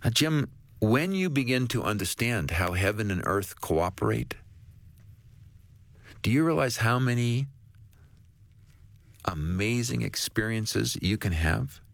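A man, a guest author on a faith talk show, telling a story in an animated way. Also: lowish voice, slow pace, creaky, long pauses, dry recording.

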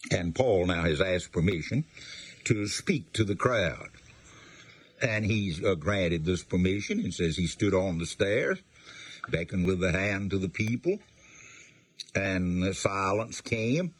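A man's voice: low voice, breathy edge, no room sound. A man teaching a Bible passage, reading verses aloud and explaining them in plain, conversational words. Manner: reads scripture aloud, then explains it in plain talk.

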